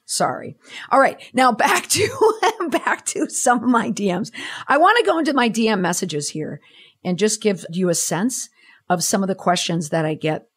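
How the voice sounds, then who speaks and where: Woman, podcast host, sarcastic, exasperated, very lively pitch, answering listener messages. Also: normal speed, slightly rough. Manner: animated, swooping delivery.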